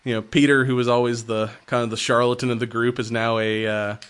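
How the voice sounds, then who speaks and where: A man in casual movie talk, loose and profane, breaking into laughter between his points. His voice sits at an ordinary middle pitch, and he talks at an easy, rambling pace. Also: level tone, a little fast, a bit bright, clear, resonant tone.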